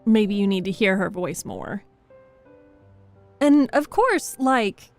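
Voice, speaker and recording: A woman's voice: mid-range voice, expressive, slow pace, pauses often, faint music behind. A young woman streaming a game and chatting playfully with her viewers. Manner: chatty, playful, greets chat. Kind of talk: casual game-stream commentary.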